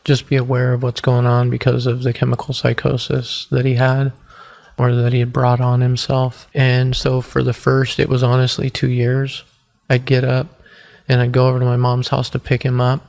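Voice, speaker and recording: A man in his forties from the United States, telling his own hard story on a podcast. He speaks earnestly and haltingly, restarting his sentences often. His voice stays almost completely flat and level, at a middling pitch. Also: creaky. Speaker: podcast guest. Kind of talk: personal testimony in an interview.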